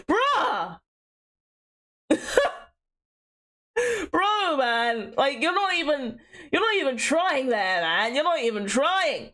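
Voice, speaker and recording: Lively high-voiced young woman gamer. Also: measured pace. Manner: playful, animated, given to repeating herself. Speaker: gaming streamer. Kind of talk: casual let's-play commentary.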